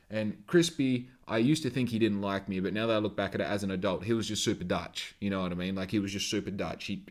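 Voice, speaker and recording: Solo podcast host, man, slightly low voice, loose rambling delivery full of swearing. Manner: casual, rambling, swears a lot. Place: alone, talking to a camera.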